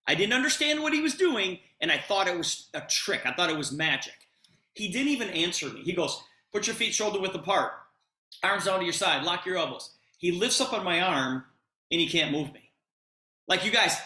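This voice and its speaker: A middle-aged man retelling a conversation to an audience with lots of expressive emphasis. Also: high-pitched, reverberant. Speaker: presenter telling a personal story. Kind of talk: animated storytelling to an audience.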